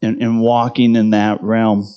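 A man's voice: on the low side, level tone, unhurried, dark tone, smooth, muffled recording. A middle-aged man preaching a conversational sermon, poking fun at himself and often asking "right?". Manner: conversational, self-deprecating, tags lines with "right?". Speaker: pastor.

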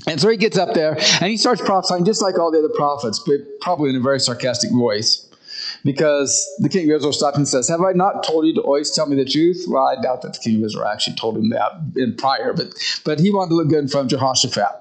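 A man preaching a conversational sermon, retelling a story in a relaxed way and often restarting his sentences. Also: mid-range voice, fast, low-quality recording.

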